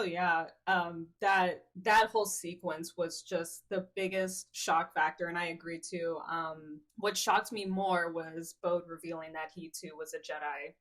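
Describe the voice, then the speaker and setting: Woman cohost getting really into it, animated, casual chat. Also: fairly low pitch. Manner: animated storytelling, enthusiastic. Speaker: podcast co-host.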